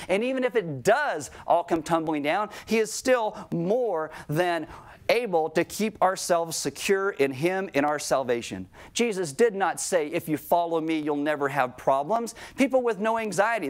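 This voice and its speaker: A man preaching a sermon in a church, talking conversationally and acting out quoted voices with animation. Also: high-pitched. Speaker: pastor. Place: church sanctuary.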